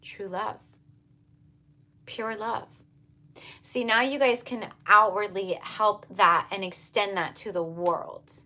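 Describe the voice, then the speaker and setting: A woman's voice: mid-range voice, fairly even intonation, slow pace, pauses often, bright, forceful tone, a little hiss or hum. Earnest woman giving a tarot reading. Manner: earnest, repetitive, emphatic, addresses viewers as you guys. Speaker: tarot reader. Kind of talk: casual channeled tarot reading to viewers.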